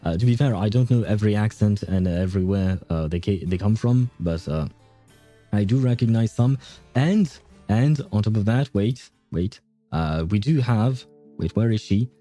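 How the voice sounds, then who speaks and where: A man streaming a game, chatting casually, laughing often and filling pauses with hesitant "uh"s. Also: on the low side, expressive, dark tone, faint music behind. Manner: reads and answers chat aloud. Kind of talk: casual live-stream chat while playing.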